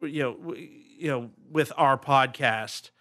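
A man's voice: mid-range voice, takes it slowly, sharp tone. A man hosting a casual podcast chat and running the game, rambling and easygoing with frequent chuckles.

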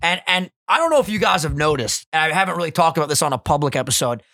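A man's voice: a little high, animated, quick pace, sharp tone, dry recording, studio quality. A young man from New York with a New York accent, co-hosting a podcast in casual, profane banter and mimicking people he talks about. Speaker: podcast co-host.

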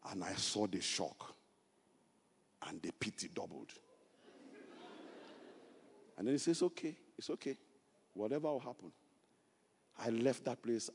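A Nigerian man preaching a sermon, telling a personal story and building to loud, emphatic preaching. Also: deep voice, creaky, husky, long reverb tail. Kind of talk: sermon testimony.

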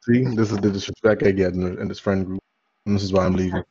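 A man's voice: low-pitched, little pitch movement, quick pace, darkish tone, husky, highs cut off. A young man co-hosting a podcast, teasing his friends with playful laughter in casual chat. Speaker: podcast co-host.

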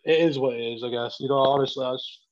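A man's voice: fairly even intonation, fast talker, background noise. A man telling a story in casual chat, swearing often and laughing as he goes. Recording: dull, low-fidelity recording.

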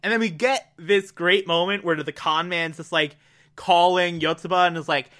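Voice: mid-range voice, moderate pace, fairly bright tone. A podcast host giving a chatty, laughing episode recap full of filler words.

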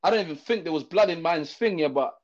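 A young man from Zimbabwe, speaking, tells a story in a loose, casual chat. His voice sits high, and his talk is animated and slangy, packed with fillers and restarts. The audio is dull and lo-fi. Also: fast talker.

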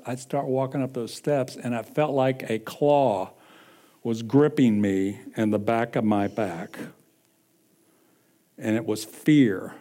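A middle-aged man preaching a sermon, telling a personal story with sudden swings from loud to hushed. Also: medium pitch. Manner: breaks into sung lines and laughter.

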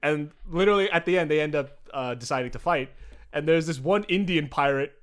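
A man's voice: fairly high pitch, brisk. A young man co-hosting a podcast, rambling casually with many fillers and frequent laughter. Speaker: podcast co-host. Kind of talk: casual chat.

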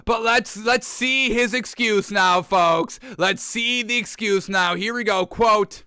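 Man, sports talk host, high voice, bright tone, exasperated rant, dry close mic. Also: takes it slowly, clear, resonant tone, no room sound, soft background music. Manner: exasperated, ranting, mocking voices in quotes; keeps addressing listeners as folks.

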